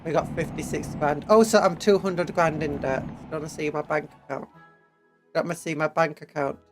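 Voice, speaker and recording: A man's voice: fairly high pitch, fairly even intonation, a little fast, over music, poor audio. A man with an English accent chatting casually on a live stream, sniffly from hay fever, reading chat aloud and humming little tunes while he drives. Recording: game truck engine noise underneath.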